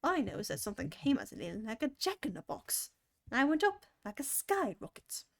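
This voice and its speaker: A woman voicing a small, worn-out male lizard who speaks softly and wearily in a storybook reading. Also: sits high, big pitch swings, fairly quick, gravelly, dry recording, clean studio sound, heavily acted. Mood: weary. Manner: soft, weary.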